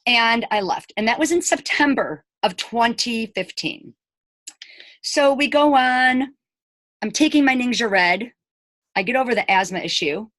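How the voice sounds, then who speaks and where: This woman in her 40s, an elementary school teacher, tells her own story casually to camera in a slightly high voice, with no room sound. She's chatty, quotes people in dialogue to replay scenes, and tosses emphatic, animated asides to viewers.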